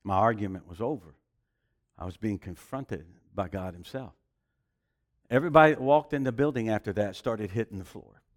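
A man's voice: fairly low pitch, normal speed. A man preaching a sermon with emphasis, mixing scripture with personal testimony and rhetorical questions.

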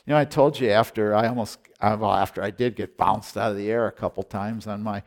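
With a gravelly, fairly low voice and fairly even intonation, a man preaches as pastor. He tells a personal story and exhorts his listeners, swinging from soft, slow moments to loud, emphatic proclamations.

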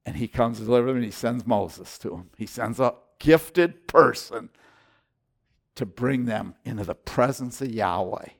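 In a creaky, mid-range voice at a moderate pace, a pastor in his sixties delivers an impassioned sermon. He alternates between hushed intensity and loud exhortation.

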